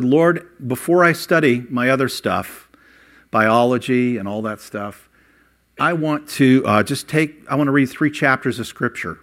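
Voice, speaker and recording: An older man preaching a sermon, voice rising for emphasis and dropping low while he tells personal stories. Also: a bit bright. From Ohio. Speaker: pastor.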